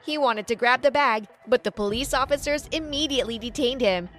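A woman narrating a first-person story in a lively, animated way. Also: sits high, fairly quick, faint music behind.

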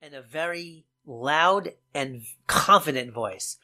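A podcast host chatting with guests, lively and quick to laugh. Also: mid-range voice. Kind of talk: casual interview chat.

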